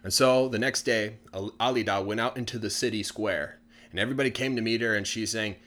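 A man casually telling a folk tale for English learners in a relaxed, chatty way with many fillers. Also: on the low side, fairly quick. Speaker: storyteller.

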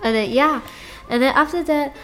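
A woman whose first language is Mandarin Chinese, hosting a solo diary podcast and talking haltingly as she searches for English words and restarts her sentences. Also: sits high, a bit bright, faint music behind. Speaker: podcast host.

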